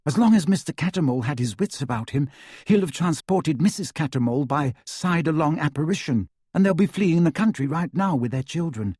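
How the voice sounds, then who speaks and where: A man voicing an anxious, clever young woman who speaks quickly and urgently. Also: animated, darkish tone, husky, no room sound, studio quality. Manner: quick, rising urgent pitch.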